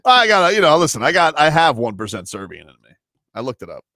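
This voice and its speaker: A man's voice: a little high, sing-song, quick pace, bright, forceful tone, no echo, studio quality. A male sports radio host in casual banter, joking and rambling through stories.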